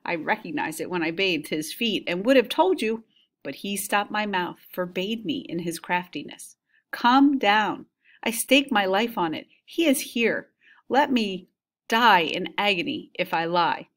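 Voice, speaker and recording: A woman's voice: medium pitch, lively intonation, measured pace, a bit bright. A woman reading as an eager old nurse. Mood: insistent. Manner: pleading, emphatic reading aloud.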